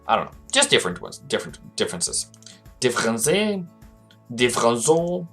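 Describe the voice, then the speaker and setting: A man in the middle of an ordinary pitch range, talking loosely and a bit aimlessly as he hosts a live trading stream. He reads chat messages aloud and drifts between analysis and small talk. Faint music plays underneath. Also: very animated, moderate pace, a bit bright. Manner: rambling and chatty, reads viewer chat aloud. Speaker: livestream host, forex trading analyst. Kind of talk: casual live-stream commentary.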